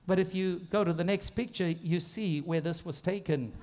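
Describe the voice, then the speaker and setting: Animated high-voiced male preacher. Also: moderate pace, hardly any pauses, a little hiss or hum. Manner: animated storytelling with mimicked inner voices. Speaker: pastor. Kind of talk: sermon.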